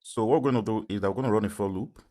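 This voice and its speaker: Low-voiced man explaining step by step. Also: very fast, mellow. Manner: repeats "right?" often, explains step by step. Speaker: programming instructor. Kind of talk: tutorial lecture.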